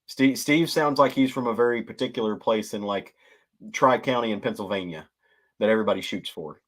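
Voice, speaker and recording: A man's voice: lowish voice, a little fast. Nasal Southern American man. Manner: self-deprecating, rambling. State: stuffy, nasal from sinus trouble. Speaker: podcast co-host. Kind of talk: casual chat.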